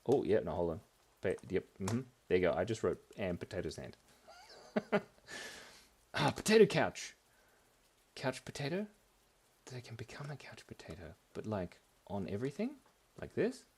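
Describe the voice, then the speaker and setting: A man's voice: on the low side, big pitch swings, moderate pace, darkish tone, slight background noise. A man hosting a live drawing class for kids, talking playfully while he draws and making goofy wordplay.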